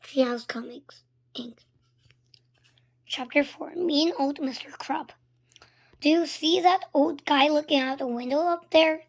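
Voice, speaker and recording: Woman reading a kids' book aloud, expressive, dips into hushed tones, high pitch, gravelly. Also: measured pace. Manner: expressive, shifting between loud and hushed. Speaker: storybook reader.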